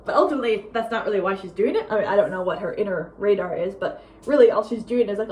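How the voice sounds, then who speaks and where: A young woman vlogging at home in a casual, rambling chat, full of "like" and "um" and quick laughs. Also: medium pitch. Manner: rambling, lots of "like" and "um", laughs often; breezy, drifts between loud and soft. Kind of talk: casual chatty vlog monologue.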